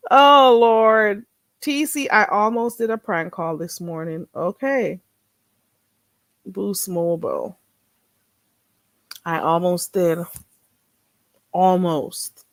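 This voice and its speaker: A woman's voice: mid-range voice, extremely slow, pauses often, no echo. A woman vlogger in casual solo chat, chatty and self-mocking, talking half to herself.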